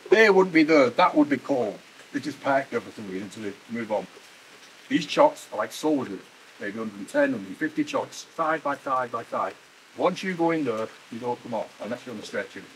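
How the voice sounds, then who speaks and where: An older man, a former miner guiding visitors through a museum, telling stories with lively energy and laughing at himself. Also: mid-range voice, moderate pace, slight background noise, low-quality recording. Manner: animated storyteller, laughs at himself. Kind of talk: guided tour talk. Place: indoor mining museum.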